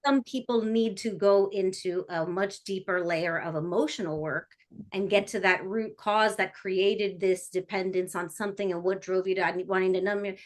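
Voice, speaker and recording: A woman hypnotherapist in casual podcast conversation, talking animatedly and acting out what clients say. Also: medium pitch. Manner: animated, acts out client quotes.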